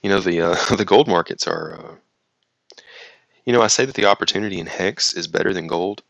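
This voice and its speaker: A man's voice: low-pitched, a little fast, vocal fry, a bit bright, no echo, rough recording. A man with a slight Southern US accent who hosts a casual stream, reading viewer comments aloud and rambling through his reactions. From United States. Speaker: livestream host reading chat. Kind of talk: casual chat.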